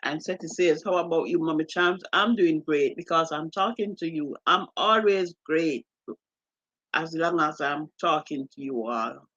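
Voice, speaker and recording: A woman's voice: deep voice, measured pace, fairly bright tone, dry recording, highs cut off. A woman with a Jamaican accent hosting a live stream, reading out viewer comments and greeting each viewer by name. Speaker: livestream host.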